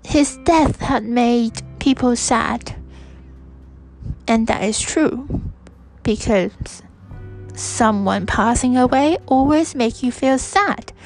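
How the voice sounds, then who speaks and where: Young woman podcaster musing out loud, slow and halting, bit high voice, faint music under it. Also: rough recording. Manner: slow, hesitant, with many restarts and fillers. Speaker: podcast host. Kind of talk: personal reflective monologue.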